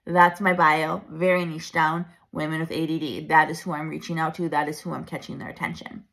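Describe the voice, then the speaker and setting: A woman in her thirties coaching her viewers in a chatty, animated way, laughing often. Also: low voice, fairly quick, creaky. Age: 30s. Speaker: branding coach. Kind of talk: casual coaching talk to camera.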